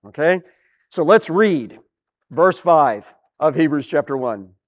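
A man teaching a Bible lesson in a conversational, explanatory way, lifting his voice on key words. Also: fairly high pitch.

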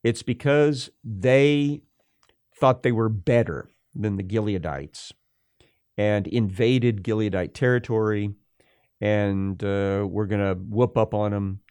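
A man preaching a verse-by-verse Bible sermon, explaining slowly and deliberately with frequent pauses and fillers. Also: lowish voice, a little mellow, no echo, clean studio sound.

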